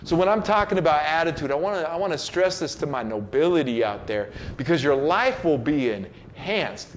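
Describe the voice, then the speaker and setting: Expressive and highish-voiced, a man speaks at a moderate pace with hardly any pauses, hosting a casual motivational message that's slangy and loose, full of fillers and restarts. He occasionally performs quoted people in altered voices, and there's a little hiss or hum.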